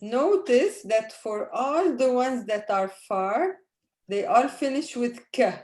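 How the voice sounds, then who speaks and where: A woman from the Arab world leads an online language class, patiently drilling vocabulary with her students. She talks slowly and calmly, repeating each word with care. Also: a little high. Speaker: Arabic teacher.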